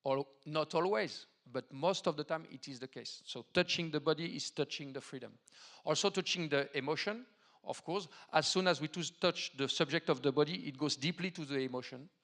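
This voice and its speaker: French-accented man, federation president giving a stage welcome, gravelly and halting. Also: on the high side, fairly bright tone. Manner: halting, many fillers and restarts, earnest. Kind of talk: formal welcome speech. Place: large hall stage.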